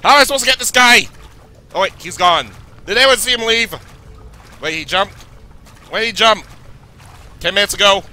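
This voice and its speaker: Jittery young Canadian man, high bright voice. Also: expressive, moderate pace, long pauses. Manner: nervous, jittery, talks to himself. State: losing his voice. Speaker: let's play gamer. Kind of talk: horror game commentary.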